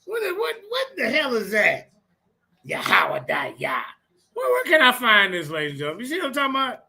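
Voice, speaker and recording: High gravelly bright-voiced man host. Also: sing-song, fast talker. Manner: loud, profane, stammers and repeats himself. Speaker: livestream host. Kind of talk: mocking casual commentary.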